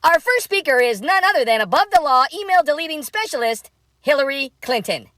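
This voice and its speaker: A woman's voice: high voice, lively intonation, brisk, a bit bright, dry recording. A woman doing a sarcastic mock-cheerful announcer. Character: sarcastic female convention announcer. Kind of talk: comedy sketch.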